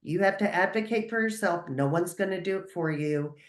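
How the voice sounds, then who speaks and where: A woman's voice: on the low side, brisk. Emphatic woman, roomy video call. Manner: emphatic, encouraging. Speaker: guest patient speaker. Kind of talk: earnest advice.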